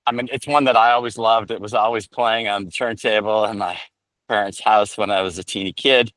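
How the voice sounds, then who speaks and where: A man from upstate New York with a fairly low voice, telling long stories about his past in an unhurried way. He talks over a video call while walking outside. The recording is dry. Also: fairly even intonation, fairly bright tone, dry recording, poor audio. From Rochester, New York. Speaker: actor guest. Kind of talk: casual storytelling interview. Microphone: video call while walking outdoors.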